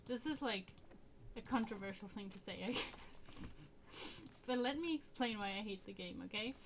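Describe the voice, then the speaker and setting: A woman in her twenties with a medium-pitched voice streams a game at normal speed, chatting in a rambling way, correcting herself and laughing often. Game music and keyboard typing sit behind her, along with a little hiss or hum.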